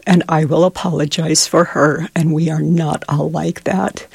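A woman's voice: low voice, gravelly, husky, no room sound. A middle-aged woman volunteer answering interview questions, telling stories with earnest emotion. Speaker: charity volunteer.

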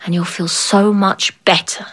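A woman doing a calm, coaxing king. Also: mid-range voice, measured pace, husky.

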